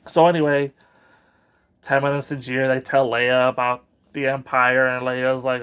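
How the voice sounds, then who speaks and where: A man's voice: mid-range voice, little pitch movement, unhurried, fairly bright tone, smooth. Sarcastic, rambling male book reviewer. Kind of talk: casual spoken review.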